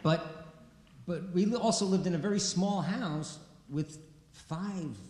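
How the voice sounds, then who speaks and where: A man's voice: high voice, slow pace. A man telling a personal story to a live concert audience in a casual, conversational way, acting out quoted lines. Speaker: singer-songwriter telling a story on stage. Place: concert venue. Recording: roomy hall reverb, faint background noise.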